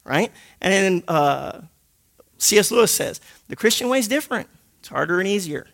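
A man teaching a Bible study group in an animated, jokey way, punctuating points with loud sound effects. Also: high voice, normal speed, gravelly. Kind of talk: lively teaching talk to a group.

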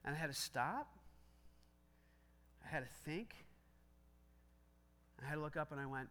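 A male pastor with a high voice delivers a conversational sermon, and his tone is very bright and sharp. He acts out snatches of dialogue as he preaches and pokes gentle fun at himself. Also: animated, unhurried, long pauses. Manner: self-deprecating humor.

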